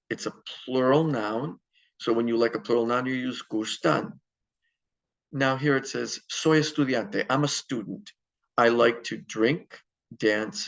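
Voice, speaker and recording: A man's voice: medium pitch, gravelly, fairly bright tone, low-quality recording. A man teaching a Spanish grammar lesson, explaining step by step with fillers and self-corrections. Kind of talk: recorded classroom lecture.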